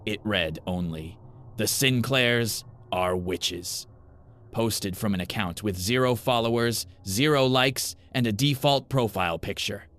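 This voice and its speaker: A man giving grave, measured first-person narration of a scripted horror story. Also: lowish voice, fairly bright tone.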